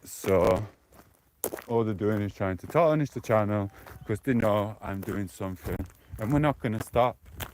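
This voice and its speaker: A lowish, darkish male voice with a little hiss or hum belongs to a British man from the UK. He's outdoors walking along streets, live-streaming on his phone and chatting defensively and ramblingly to viewers.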